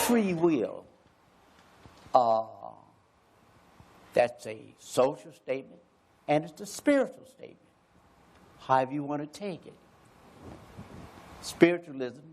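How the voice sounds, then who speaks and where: Man, american, slow deliberate delivery, musing, repeats himself, faint background hiss. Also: mid-range voice, gravelly, darkish tone. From United States. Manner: musing, repeats phrases, many hesitations. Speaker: panelist. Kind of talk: slow reflective panel talk.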